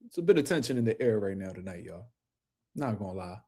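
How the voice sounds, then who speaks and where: A man's voice: fairly low pitch, sing-song, quick pace, mellow. A man hosting a casual boxing livestream, talking loosely in slang and speaking to viewers in the chat.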